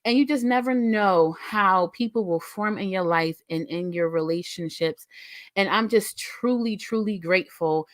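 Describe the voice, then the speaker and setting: A woman's voice: medium pitch, normal speed, dry recording. Emotional heartfelt woman host, dry sound. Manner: emotional, heartfelt, rambling with repeated words. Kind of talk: casual chat.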